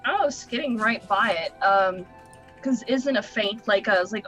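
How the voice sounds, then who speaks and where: A woman's voice: medium pitch, normal speed, fairly bright tone, soft background music, rough recording. A woman playing a tabletop game, chatting casually about her character's moves. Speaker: player.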